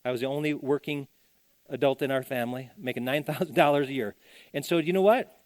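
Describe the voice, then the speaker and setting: A middle-aged senior pastor with a medium-pitched, darkish voice preaches at a quick pace in church, recorded dry. His conversational sermon repeats phrases, and he acts out the voices of those he quotes.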